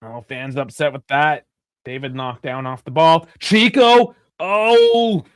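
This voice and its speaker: A young man hosting a live football watch-along, chatty and rambling, swearing freely and bursting into shouts at big chances. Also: medium pitch, steady tone, normal speed, smooth, no echo, studio quality. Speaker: live stream host.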